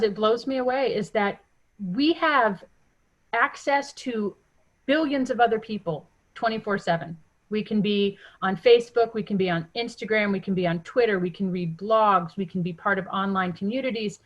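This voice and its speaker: Female guest, mid-pitch, animated anecdotal delivery, conversational. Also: normal speed. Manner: animated storytelling, acts out quoted voices. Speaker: podcast guest, mom coach. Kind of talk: casual interview chat.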